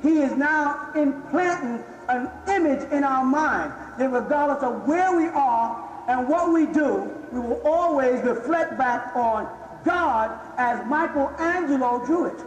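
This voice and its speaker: A man's voice: very high voice, animated, unhurried. A man lecturing an audience on religion, emphatic and constantly checking that the listeners follow him. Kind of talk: live lecture with audience questions. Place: large hall before an audience. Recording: echoey hall, faint music.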